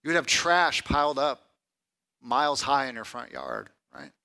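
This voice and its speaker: A man preaching a conversational sermon, often asking "right?" and building to loud, emphatic lists. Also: medium pitch, wildly swooping pitch, moderate pace, creaky. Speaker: pastor.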